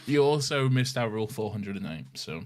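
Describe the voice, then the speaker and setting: A man's voice: lowish voice, animated, a little fast, a little mellow, a little hiss or hum. A young man co-hosting a fan podcast in casual chat, rambling with lots of ums as he hunts for his notes. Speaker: podcast co-host.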